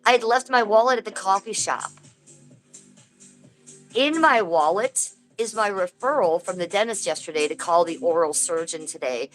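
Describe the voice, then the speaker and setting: A woman's voice: medium pitch, lively intonation, normal speed, soft background music, rough recording. A woman chatting casually to viewers on a livestream from home over a phone, rambling through a complaint and greeting people by name. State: aching tooth. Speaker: livestream host.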